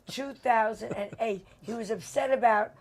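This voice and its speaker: A woman's voice: a little high, a little slow, creaky. An older woman hosting a casual talk show, interviewing her guest with brash, teasing jokes. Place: bedroom set.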